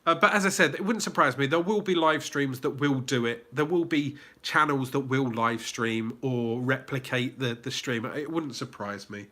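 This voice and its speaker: His mid-range voice is pushed and bright, at normal speed with hardly any pauses. A livestream host from England with a southern English accent, he chats through a casual live Q&A, reads the chat aloud, and restarts sentences amid lots of fillers.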